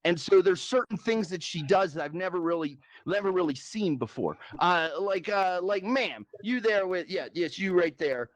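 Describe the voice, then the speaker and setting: A man's voice: sits high, expressive, moderate pace, few pauses, dry recording. A man doing a stand-up comedy set, rambling and crude, laughing at his own jokes and switching voices for the people he quotes. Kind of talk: stand-up comedy set in a virtual reality club.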